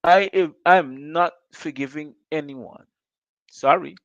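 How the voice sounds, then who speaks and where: A man's voice: a little high, takes it slowly, no room sound, highs cut off. A Guyanese man hosting a call-in show, firing off rhetorical questions in a fiery political monologue.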